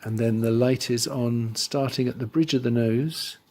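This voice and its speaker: A man teaching drawing, talking through his steps as he works and trailing off quietly into asides. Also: medium pitch, fairly even intonation, moderate pace. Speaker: art teacher. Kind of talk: drawing tutorial voice-over.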